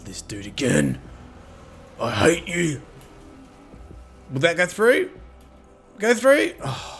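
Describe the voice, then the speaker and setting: Cheeky man streaming a game. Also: fairly high pitch. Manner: cheeky, joking, thanks viewers, teases chat. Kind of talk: casual live-stream chat with viewers.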